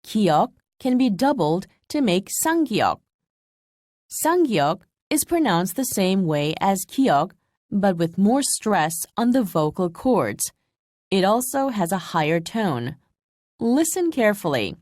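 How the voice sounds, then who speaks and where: A woman reads a language lesson script with clear, measured explanations. Her pitch moves in a lively way through each sentence. The recording is dry and close, like a studio voice-over. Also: no room sound. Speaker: language instructor. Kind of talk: scripted instructional narration.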